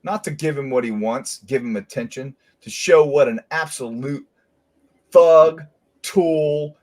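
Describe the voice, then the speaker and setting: A man who was a detective hosts his own commentary show and vents with open anger. He swears freely and hammers his points home. His voice sits at an ordinary middle pitch. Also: normal speed, a little mellow. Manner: heated, profane ranting. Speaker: host, former detective. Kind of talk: angry commentary.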